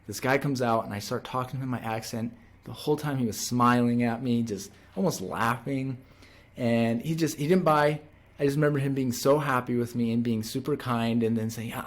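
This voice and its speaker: Man, thirties, salesman, casual monologue, earnest, rambling, middle pitch. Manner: earnest, rambling with frequent restarts. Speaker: door-to-door salesman.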